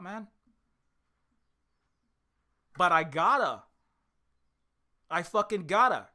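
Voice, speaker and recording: Loud, profane ranting streamer. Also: medium pitch. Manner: loud, profane, swings from shouting to muttering. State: strained vocal cords. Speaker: indie game developer streaming. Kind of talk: angry ranting livestream.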